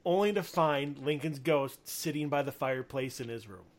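A man's voice: mid-range voice, normal speed. A man co-hosting a casual podcast chat, laughing often and hesitating with fillers. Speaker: podcast co-host.

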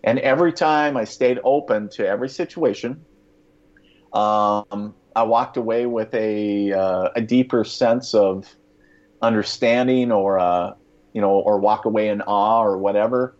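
A man's voice: fairly low pitch, a little slow, a little mellow, lo-fi sound. A man casually telling a long personal story, rambling with many fillers, restarts and chuckles.

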